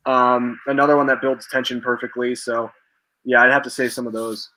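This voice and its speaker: A young man hosting a live chat, excited and laughing, acting out quoted lines, his voice cracking from talking a lot. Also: mid-range voice, brisk. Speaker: host. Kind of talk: casual live-stream chat.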